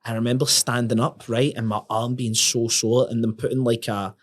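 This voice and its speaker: A young man with a mid-pitched voice, speaking at normal speed, appears as a podcast guest. He tells his story in a casual, animated way, swearing often and stumbling over repeated words.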